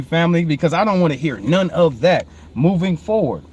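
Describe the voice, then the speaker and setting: A man, hosting and preaching informally on proverbs, repeatedly calling listeners "family", swinging between low murmured reading and loud emphatic preaching. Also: animated, a little fast, husky. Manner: repetitive, calls listeners "family". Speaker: host.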